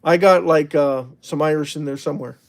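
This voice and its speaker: A man hosting a livestream in a loose, rambling way, chatting with viewers and reading their messages aloud. His voice sits a little higher than most men's. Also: steady tone, brisk. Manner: rambling, chatty, with frequent restarts and laughs. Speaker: livestream host. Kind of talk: casual livestream talk reading out chat.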